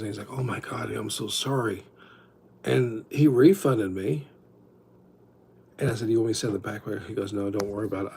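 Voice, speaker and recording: A livestream host with a fairly low, slightly mellow voice and vocal fry spins meandering stories in a casual chat, repeatedly breaking off and restarting. There's a little hiss or hum in the background.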